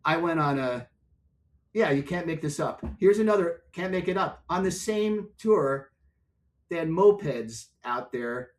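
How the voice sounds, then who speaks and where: Older man telling a lively story. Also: a little high, a little slow. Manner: animated storyteller, acts out voices in anecdotes. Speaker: guest, music and software executive. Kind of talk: storytelling in a podcast interview.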